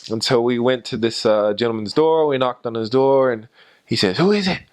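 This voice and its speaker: A young man casually telling stories about his time as a missionary, rambling with many pauses and fillers. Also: mid-range voice, steady tone, a little mellow, clear, resonant tone. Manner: rambling, frequent "uh" and "and so". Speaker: former missionary. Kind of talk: casual storytelling.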